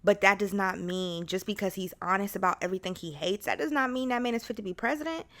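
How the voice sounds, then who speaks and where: In a quick, medium-pitched voice with a touch of brightness, a young woman talks on her own podcast in a relaxed solo chat. She rambles candidly, often starting over and leaning on filler words.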